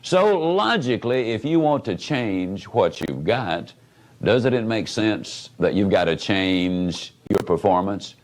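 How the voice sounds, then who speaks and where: A man's voice: on the low side, takes it slowly, poor audio. A man giving a motivational talk, telling folksy stories. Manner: folksy, animated storyteller. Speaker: motivational speaker. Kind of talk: motivational speech with storytelling. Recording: archival talk.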